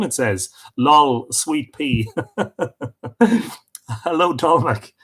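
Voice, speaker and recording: A man's voice: a little high, takes it slowly, pauses often, a bit bright, slightly rough. An Irish man hosting a casual livestream at home, chatting off the cuff and greeting viewers by name. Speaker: host. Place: home with bookshelves.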